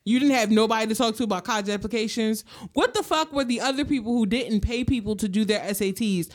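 Young woman, higher voice, heated sarcastic rant full of swearing, casual chat. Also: fast talker. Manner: profane, heated, sarcastic ranting. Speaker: podcast co-host.

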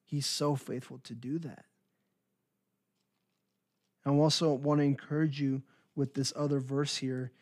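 A man's voice: mid-range voice, flat delivery, measured pace, pauses often, a little mellow, no echo, clean studio sound. Earnest man giving a devotional talk. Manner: earnest, encouraging, repeats phrases for emphasis. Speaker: Christian minister.

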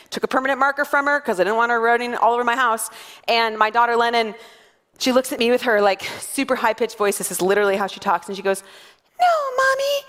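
A woman's voice: on the high side, a bit bright, in a large hall. A woman pastor in her thirties preaching a sermon to her church, telling stories in a playful way with frequent laughter.

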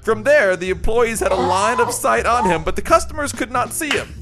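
A man's voice: high voice, fairly quick, music in the background. A man co-hosting a comedy podcast, reading listener mail aloud and laughing as he goes. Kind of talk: casual comedic chat.

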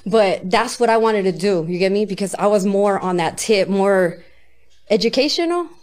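A woman's voice: medium pitch, animated, moderate pace, darkish tone. A woman rapper in a casual interview, talking loosely and candidly, often checking "you get me?", swearing and laughing easily. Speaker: rapper guest.

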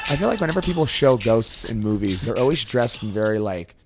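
A man co-hosting a podcast in casual chat, retelling scenes with animated energy and dropping into silly high voices. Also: a little fast, faint music behind. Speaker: podcast co-host.

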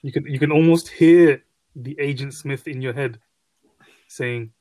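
A man's voice: on the high side, steady tone, normal speed, mellow, low-quality recording. A man in casual podcast chat, enthusiastic about a film and giggling often. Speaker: podcast co-host.

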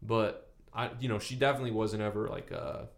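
A man's voice: lowish voice, steady tone, a little fast. A young man telling loose, laughing stories with lots of fillers as a podcast guest. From Michigan. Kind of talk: casual chat.

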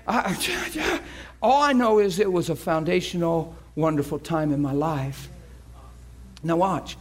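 A man preaching a sermon, telling a story with animated energy that swings from hushed to shouting. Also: a little high, measured pace. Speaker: pastor.

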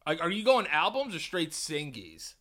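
A man hosting a podcast, telling stories in a casual, animated, profane way. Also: fairly high pitch, normal speed. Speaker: podcast host. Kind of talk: casual storytelling chat.

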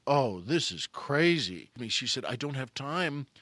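A man telling a comic story, animated and acting out the voices of the people in it. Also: medium pitch, measured pace, dry recording.

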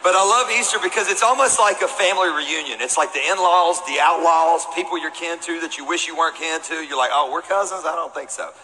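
A Texan man in his forties preaches from the stage of a large church, his voice bright and a touch high. He tells stories in a playful, joking way and teases the crowd, with faint noise underneath. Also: fast talker, few pauses, long reverb tail, low-quality recording. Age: 40s. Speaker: pastor. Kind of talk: sermon.

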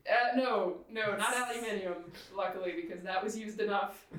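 A woman's voice: mid-range voice, moderate pace, fairly bright tone. A woman from England co-hosting a podcast, chatting casually and laughing often as she rambles through stories. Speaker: podcast co-host. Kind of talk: casual chat. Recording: echoey room from far off with faint noise.

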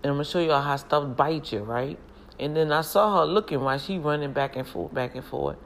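Casual vlogger, woman, gravelly voice, animated and chatty, faint room noise. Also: low voice, fairly quick. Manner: chatty, animated, laughs a lot. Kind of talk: casual storytelling to viewers.

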